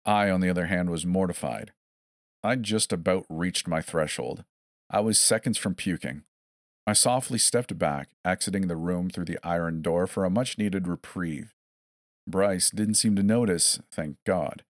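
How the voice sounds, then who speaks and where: A man's voice: low voice, measured pace, no room sound. A man narrating a first-person horror story in a scripted way, with wry, dry asides.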